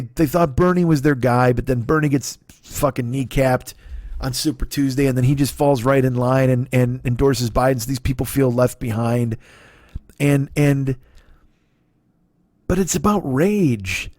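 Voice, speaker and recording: A comedian and podcast host who rants angrily and sarcastically, swearing constantly. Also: male voice, medium pitch, a little mellow, no room sound, studio quality. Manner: angry, profane, sarcastic ranting. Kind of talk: profane comic rant.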